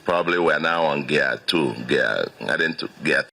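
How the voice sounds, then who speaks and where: A Nigerian man in his sixties delivers a victory speech as state governor, stressing his points by repeating them. His voice sits extremely low, yet it has a sharp, forceful brightness on top. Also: normal speed, creaky. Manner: emphatic, repeats phrases for stress.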